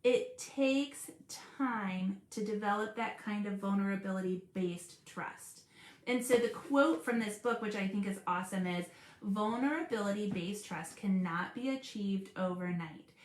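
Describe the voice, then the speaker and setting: A woman hosting a live stream about school support teams, earnest and animated, laughing often as she talks. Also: mid-range voice, measured pace, reverberant. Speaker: special education advocate hosting a live stream. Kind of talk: casual live-stream talk.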